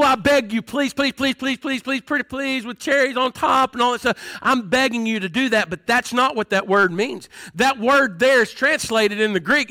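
A man's voice: sits high, sharp tone. A man preaching a sermon in a folksy, conversational way, with humor and asides to the congregation. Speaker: pastor.

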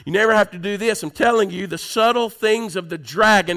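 A male pastor preaching a sermon, moving from conversational teaching to loud, emphatic preaching. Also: high-pitched, a little fast, hardly any pauses.

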